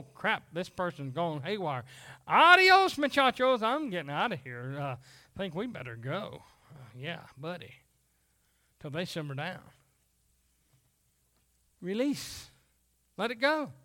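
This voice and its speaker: Pastor, man, very high voice, folksy animated sermon delivery.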